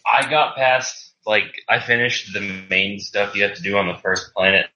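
A man talks through a roomy, dull-sounding line, his voice bright and forceful. He rambles and corrects himself mid-sentence in a loose, casual chat. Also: on the low side, moderate pace. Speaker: podcast guest player. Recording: echoey, muffled remote audio.

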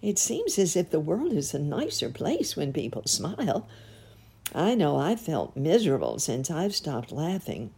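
A woman voicing a sad, gentle little male clown who speaks wistfully and plaintively in a storybook reading. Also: sits low, huge pitch swings, a little slow, gravelly, breathy edge, exaggerated voice. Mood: doubtful.

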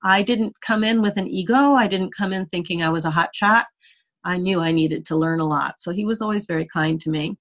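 A woman's voice: lowish voice, fairly quick, fairly bright tone, dull audio. A woman guest telling a long personal story in an interview, earnest and reflective, sometimes laughing at herself. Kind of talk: conversational storytelling.

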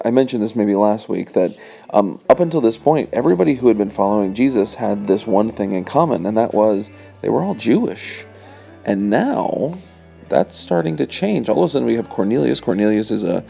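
A man preaches and reads scripture in a loose, conversational way, full of little asides. His voice is low and heavily gravelly with vocal fry. The recording sounds dull and lo-fi, with faint music underneath. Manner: conversational, relaxed, with fillers and asides. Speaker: pastor. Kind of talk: sermon with scripture reading.

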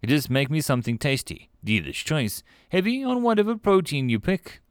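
A man's voice: a little high, big pitch swings, moderate pace, clear, resonant tone, no echo, clean studio sound, voice pushed up. A man voicing a sardonic young spacer woman. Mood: wry. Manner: sardonic, incredulous. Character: wry, skeptical young human woman spacer. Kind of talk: audiobook character voice.

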